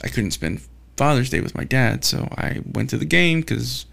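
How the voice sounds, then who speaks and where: Gravelly-voiced guy, mid pitch, loose profane solo rant with lots of restarts. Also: big pitch swings, normal speed, a bit bright. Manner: profane, exasperated ranting with frequent restarts. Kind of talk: casual rambling monologue.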